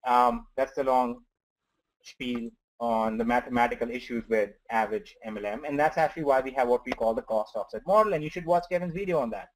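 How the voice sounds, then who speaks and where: A man's voice: mid-range voice, fairly quick, rough recording. A man with an Indian accent, a company co-founder, presenting on an online webinar in an earnest way, often starting with okay. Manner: repetitive, earnest, says okay a lot.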